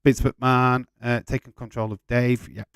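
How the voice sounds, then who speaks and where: A man's voice: medium pitch, flat delivery, a little slow, vocal fry, clean tone, no echo. A man hosting a live watch-along stream, chatting casually, swearing freely and laughing while he reads viewer comments.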